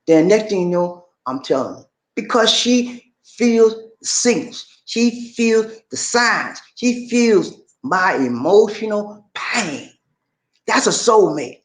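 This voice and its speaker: A man giving relationship advice to camera in an emphatic, preachy way, repeating himself and often calling his listeners "man". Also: high voice. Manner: emphatic, repetitive, keeps saying "man". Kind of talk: preachy motivational talk to camera.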